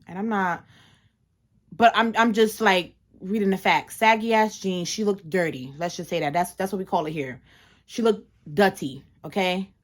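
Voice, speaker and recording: A woman's voice: mid-range voice, moderate pace. Casting: young adult woman, single-mom vlogger, blunt, profane and heated storytime rant, mid-range voice.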